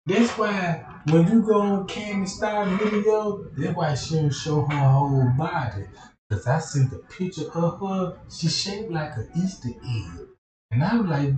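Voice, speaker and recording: A man's voice: high-pitched, animated, moderate pace, mellow. A man in a casual, profane, rambling rant as a streamer, keeps asking if you know what he's talking about. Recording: roomy, off-mic sound.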